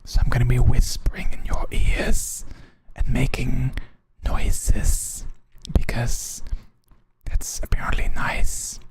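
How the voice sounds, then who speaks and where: A man putting on a breathy mock ASMR whisper close to the microphone, a whispered role-play. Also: mid-range voice, steady tone, takes it slowly, natural voice. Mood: teasing. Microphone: close desk microphone.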